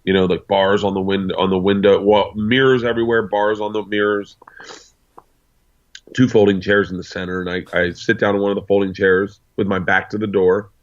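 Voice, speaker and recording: A man's voice: lowish voice, level tone, a little fast, lo-fi sound. A man in his forties, a guest on an interview show, telling rambling anecdotes full of asides. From United States. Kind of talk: casual storytelling.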